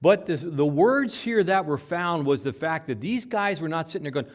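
A man preaching a sermon in church, animated, repeating words and acting out the quotes. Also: fairly high pitch, normal speed, hardly any pauses. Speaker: pastor. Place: church with microphone.

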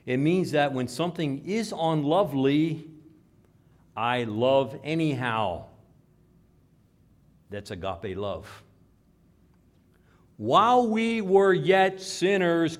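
A pastor with a Midwestern American accent, preaching a sermon that swings from quiet to loud emphasis. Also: male voice, lowish voice.

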